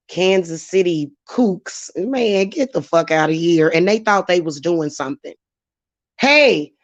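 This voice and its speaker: A woman's voice: on the low side, dry recording, muffled recording. A woman hosting her channel, ranting heatedly and profanely at commenters in a live-stream vlog. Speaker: channel host and spiritual reader. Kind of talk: live-stream rant to viewers.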